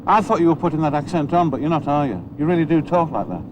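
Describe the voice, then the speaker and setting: An actor playing a chummy, boastful self-made racehorse owner in a TV drama. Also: male voice, fairly high pitch, animated, fast talker, noisy background, natural voice. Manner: brash, chummy, jokey. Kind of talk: 1990s TV drama acting.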